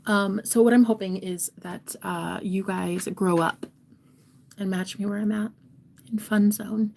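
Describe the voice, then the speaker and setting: A young woman giving a casual tarot reading to her viewers, playful and talkative, swinging between loud bursts and soft whispered asides. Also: medium pitch, fairly even intonation, a little slow, gravelly. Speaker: tarot reader and streamer.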